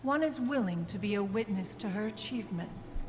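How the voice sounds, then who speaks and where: A woman's voice: mid-range voice, animated, moderate pace, faint music behind, natural voice. A woman voicing Cloud Retainer, a haughty crane spirit. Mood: aloof. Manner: formal, aloof, condescending. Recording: game audio with reverb and noise.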